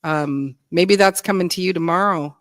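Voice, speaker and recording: A woman's voice: lowish voice, moderate pace, no echo. Chatty woman hosting a gardening stream. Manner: chatty, greets viewers and reads out chat comments. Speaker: gardening show host. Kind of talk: casual live-stream chat.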